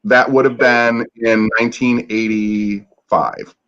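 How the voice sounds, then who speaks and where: A man's voice: medium pitch, little pitch movement, takes it slowly, fairly bright tone. A man from Michigan co-hosting a live podcast, a chatty, jokey storyteller in casual talk. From Michigan, USA. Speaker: podcast co-host. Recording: dull lo-fi sound.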